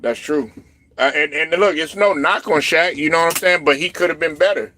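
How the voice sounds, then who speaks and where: A man hosting a casual sports talk stream, rambling loosely with lots of fillers and getting loud when he's riled up. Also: fairly high pitch, a little fast, a little hiss or hum. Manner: loose, rambling, lots of fillers and "you know what I'm saying". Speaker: livestream host reading chat.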